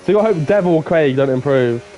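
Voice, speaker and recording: Excitable male race commentator. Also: fairly quick, a little hiss or hum. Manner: excitable, swings from low murmurs to loud shouts. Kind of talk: live sim racing qualifying commentary.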